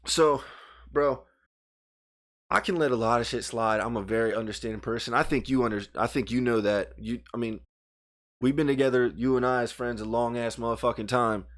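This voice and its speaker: A man of middling pitch co-hosting a casual podcast, talking into a studio microphone. He tells a story as an animated, profane rant and gestures with his hands as he talks. He sounds heated and worked up throughout. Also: a little fast. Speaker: podcast co-host.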